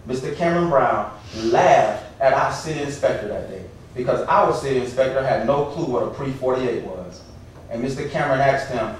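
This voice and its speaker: A man's voice: medium pitch, darkish tone. Man, 30s, pastor, impassioned public comment, recorded from far off in an echoey chamber with faint hiss. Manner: impassioned, rising to pleading and indignant. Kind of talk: public comment at council meeting. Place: council chamber.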